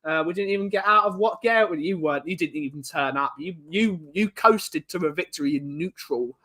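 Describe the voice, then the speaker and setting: Male livestream host with a sharp, bright tone, casual and chatty, shouting out viewers. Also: on the high side, a little fast. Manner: chatty, greeting viewers in chat one by one. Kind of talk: casual live-stream chat.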